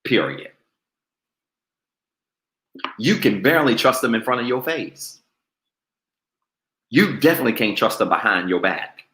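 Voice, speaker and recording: Bright, slow, animated male preacher. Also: mid-range voice, reverberant. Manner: call-and-response preaching, goading the congregation. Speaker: pastor. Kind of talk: sermon.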